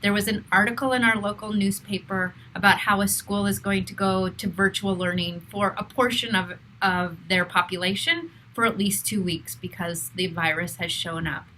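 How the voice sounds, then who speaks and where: A woman's voice: mid-range voice, fairly even intonation, moderate pace, few pauses, bright, forceful tone, a little hiss or hum, rough recording. A middle-aged woman, a therapist, talking to camera in an earnest, self-reflective way as she works through her feelings aloud.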